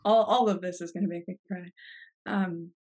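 A thoughtful woman in her thirties speaking as a podcast guest, with a slightly husky, breathy voice. She talks with heartfelt warmth and often pauses to search for words. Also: fairly low pitch, fairly even intonation. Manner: reflective, heartfelt, halting with fillers. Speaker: podcast guest, life coach. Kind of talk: casual interview chat.

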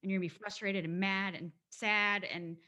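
A woman's voice: mid-range voice, steady tone, normal speed, pushed and bright. Blunt woman in her forties. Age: 40s. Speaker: podcast guest. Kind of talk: casual interview chat.

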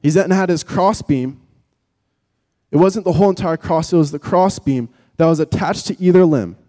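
A man's voice: fairly high pitch, normal speed. Preaching man in a reverberant hall. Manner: vivid, dramatic, swings from loud emphasis to hushed tones. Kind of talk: sermon.

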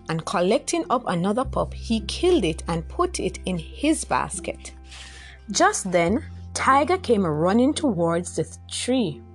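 A woman tells a folktale in a lively, expressive storytelling voice, with her pitch rising and falling in wide swings. Her voice sits in a middle range. Faint music plays softly behind her. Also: unhurried. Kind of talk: scripted folktale narration.

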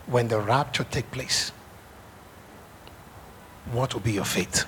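A man's voice: medium pitch, unhurried, pauses often, bright, forceful tone, slight background noise. Earnest pastor, a man addressing his congregation. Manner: earnest, with frequent "you know" fillers. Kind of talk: sermon welcome to a congregation.

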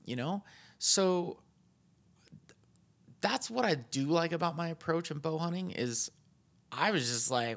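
A man hosting a podcast, rambling and ranting in a casual monologue, his voice shooting up high when he gets exasperated. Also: animated, unhurried, gravelly, long pauses, fairly bright tone. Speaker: podcast host.

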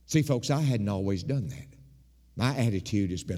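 A man preaching as pastor in a church, animated and rising in pitch as he drives his points home. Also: brisk, in a large hall. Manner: animated preaching, mimics congregants with shifting pitch. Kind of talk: sermon. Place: church sanctuary.

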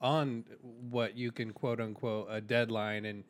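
A man's voice: fairly low pitch, flat delivery, a little slow. Joking young man co-hosting. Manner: joking, teasing, slangy. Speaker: podcast co-host. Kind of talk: casual chat.

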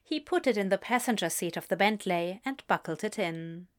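A woman reading a story aloud as narrator, expressive and unhurried. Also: medium pitch. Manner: slow, expressive storytelling with lively inflection. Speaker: reader.

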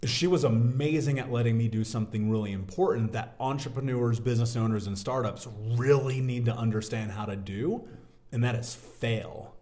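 Male guest, 30s, animated storyteller, casual interview delivery, mid pitch. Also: moderate pace. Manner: animated storyteller, says "dude" and "man". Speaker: podcast guest, business owner.

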